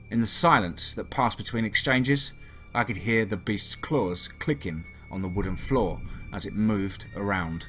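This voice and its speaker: A man's voice: on the low side, lively intonation, unhurried, a bit bright. A man narrating a first-person horror story in a tense, dramatic reading.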